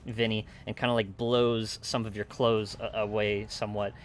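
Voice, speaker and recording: Guy running a tabletop game, kinda low voice, lots of uh and kinda like. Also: flat delivery, normal speed, hardly any pauses, noisy background. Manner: loose and rambling, full of "uh" and "kinda like". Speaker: game master. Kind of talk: narrating a tabletop game session.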